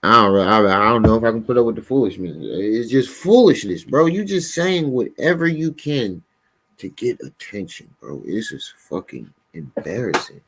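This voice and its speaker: A man reacting on a live stream, his pitch swinging widely from low grumbles to sudden high outbursts. He sounds exasperated and mocking, and repeats himself when frustrated. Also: very animated, normal speed, fairly bright tone.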